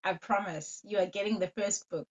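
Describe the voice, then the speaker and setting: A woman hosting an online interview, warmly encouraging her guest over a video call. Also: mid-range voice, steady tone, normal speed. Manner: warm, encouraging praise. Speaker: host. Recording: dull lo-fi call audio.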